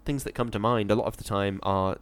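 A man co-hosting a podcast in casual chat, hedging his points with "sort of" and talking with gentle enthusiasm. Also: on the low side, fairly quick, smooth. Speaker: podcast co-host.

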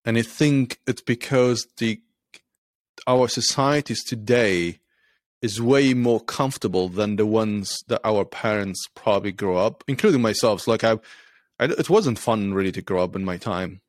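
Man telling a story with halting restarts. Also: on the low side, no room sound, studio quality. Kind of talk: casual conversation.

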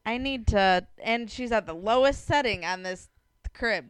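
A woman's voice: a little high, a little slow, clear, resonant tone. A woman in her late twenties co-hosting a podcast, telling a story in a laid-back casual chat. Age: late 20s. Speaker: podcast co-host.

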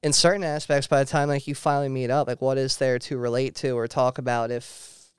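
A man's voice: medium pitch, little pitch movement, a little fast, clean tone, no room sound, clean studio sound. A man in casual chat who rambles through his point, full of "like" fillers.

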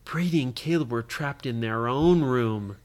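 Brief: lively storyteller, improvised kids' tale, keeps asking questions. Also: mid-range voice, a little slow. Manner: animated, keeps quizzing the listener. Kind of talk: improvised bedtime story for a child.

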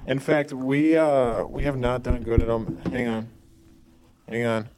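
A man's voice: mid-range voice, level tone, unhurried, background noise. A man hosting a casual podcast with friends, running through football picks in a joking, profane way. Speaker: podcast host.

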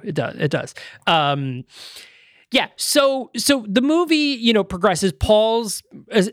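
A man's voice: sits high, no echo, clean studio sound. A man co-hosting a casual movie review podcast, rambling with lots of fillers and restarts. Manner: rambling, many fillers and restarts, laughs often. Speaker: podcast co-host.

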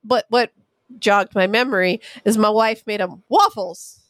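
A woman's voice: mid-range voice, unhurried, a bit bright. Chatty woman from California. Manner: candid storytelling with laughs and swearing. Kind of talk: casual chat.

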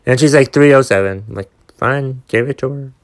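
A young man rants through a solo podcast episode, swearing often and circling back over his own points in exasperation. His voice sits at an ordinary middle pitch, and he talks the way one vents to friends. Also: brisk. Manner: exasperated, profane ranting storyteller. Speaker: podcast host.

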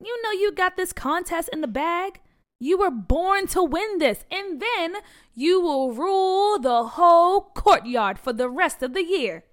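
A woman voicing an excited, encouraging fifth-grade girl in a storybook reading, upbeat and cheering. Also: sits high, normal speed, pitched above the performer's own voice.

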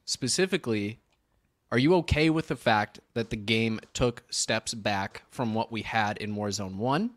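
A man's voice: lowish voice, unhurried. A man co-hosting a podcast in casual chat, often hesitating with filler sounds. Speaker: podcast co-host.

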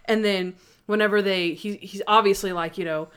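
A woman co-hosting a podcast, talking casually about a TV episode she watched. She tells it in an animated way, sprinkling in "like" and slipping into bits of the scenes as she goes. Her voice sits at an ordinary middle pitch for a woman. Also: moderate pace, clear, resonant tone. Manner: animated retelling with many "like"s, acting out scenes. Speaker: podcast co-host. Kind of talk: casual chat recapping a TV episode.

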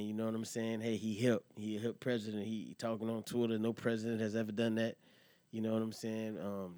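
A man's voice: fairly low pitch, darkish tone, dry recording. A man hosting a podcast in casual, profane, rambling chat. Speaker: podcast host.

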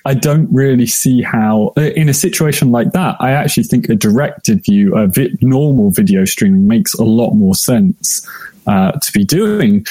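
British male guest, mellow voice, measured and hesitant. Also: mid-range voice, expressive, no echo. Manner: thoughtful, hesitant with many fillers. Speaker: podcast guest. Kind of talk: casual podcast discussion.

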